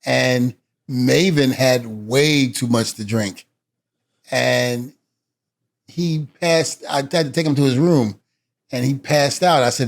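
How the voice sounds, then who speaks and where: A man's voice: mid-range voice, fairly even intonation, unhurried. A middle-aged man, a former wrestler, telling a story as a guest and acting out what each person said, with laughs in between. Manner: acts out quotes with shifting voices and laughs. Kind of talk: animated storytelling.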